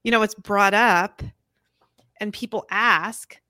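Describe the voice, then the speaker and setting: A woman's voice: mid-range voice, fairly even intonation, takes it slowly, bright, forceful tone, no echo. A woman hosting a podcast in casual chat, talking candidly and a little hesitantly. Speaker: podcast host.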